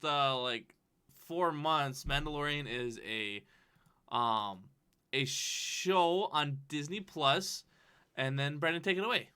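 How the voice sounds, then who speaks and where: Bright-voiced rambling podcast guy. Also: fairly high pitch, slow, smooth. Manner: rambling, many fillers, laughs often. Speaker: podcast co-host. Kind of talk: casual chat.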